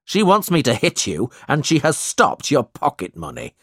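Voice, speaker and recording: A man playing a cruel schoolmaster in a storybook who scolds a pupil slowly. The voice sounds husky and dry. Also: mid-range voice, huge pitch swings, a bit bright, no echo, voice pushed up, heavily acted. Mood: scolding. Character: cruel male schoolmaster, harsh.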